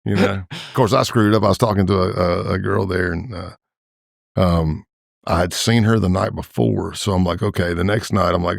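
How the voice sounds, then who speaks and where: A man's voice: moderate pace, creaky, no echo, clean studio sound. A man, a former federal agent, telling stories in a casual interview and acting out the voices of the people in them. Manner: animated storyteller who acts out quoted voices with big pitch jumps. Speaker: former FBI agent, podcast guest.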